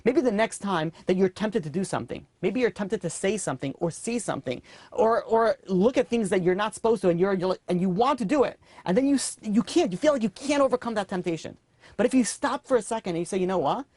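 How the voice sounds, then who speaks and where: A man giving a storytelling sermon as a rabbi, earnest and animated. His talk is casual, with fillers and restarts, and the sound is dry and close. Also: high voice, fast, no echo. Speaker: rabbi teaching a class.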